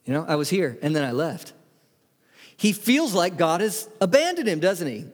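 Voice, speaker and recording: A man's voice: very animated, normal speed. A man preaching a sermon, earnest, putting direct questions to the congregation and reading scripture aloud with feeling. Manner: earnest, rises in pitch when reading the psalm aloud. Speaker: pastor. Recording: long hall reverb.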